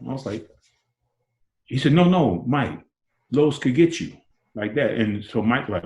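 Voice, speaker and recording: A man in his sixties, a former basketball player, telling stories as an interview guest and acting out quotes with big jumps in pitch. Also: expressive, slow, pauses often. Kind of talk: animated storytelling. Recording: roomy echo.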